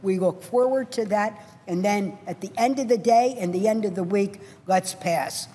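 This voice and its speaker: A woman's voice: mid-range voice, moderate pace, mellow, a little hiss or hum. Impassioned woman giving a floor speech. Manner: impassioned, emphatic, building to repeated punchy phrases. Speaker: senator. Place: large legislative chamber. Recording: long reverb of a large chamber.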